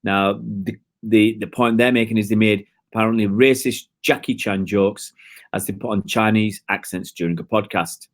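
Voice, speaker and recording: A man's voice: on the low side, fairly even intonation, normal speed. A man hosting a live stream, chatting in a rambling, hesitant way with lots of fillers and talking to his viewers. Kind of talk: casual live-stream commentary.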